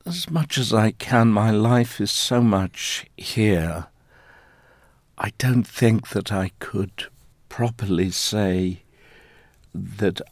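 A middle-aged man from South Africa, a stage actor, answering interview questions in a measured, thoughtful way. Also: sits low, darkish tone, no room sound. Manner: measured, thoughtful, deliberate phrasing.

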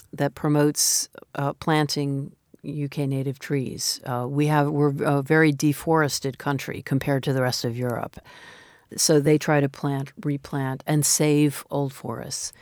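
A woman's voice: sits low, fairly even intonation, unhurried, a little mellow, dry recording, studio quality. A woman in her fifties, a novelist speaking in an interview, talking in a thoughtful, reflective, conversational way. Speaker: novelist guest.

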